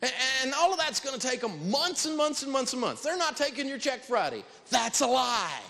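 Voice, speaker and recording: Animated man lecturing on stage. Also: very high voice, a little fast, creaky. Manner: animated, emphatic storytelling. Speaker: financial speaker. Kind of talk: live stage talk. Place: large hall on stage. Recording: long hall reverb.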